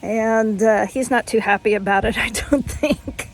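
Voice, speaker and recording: A woman's voice: fairly high pitch, fairly even intonation, unhurried. An older woman chatting frankly in a casual home vlog, folksy, with frequent ums. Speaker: vlogger.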